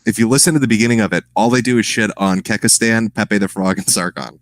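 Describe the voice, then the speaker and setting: Casting: man, low-pitched, loose profane rambling, laughs a lot, dry close sound. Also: quick pace, dry recording. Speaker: podcast guest. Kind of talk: casual profane chat.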